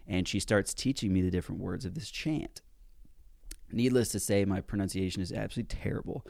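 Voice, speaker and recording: A man telling a personal story in a casual, animated way, with some mild swearing, as a self-help speaker. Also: deep voice, gravelly, no echo, clean studio sound. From United States.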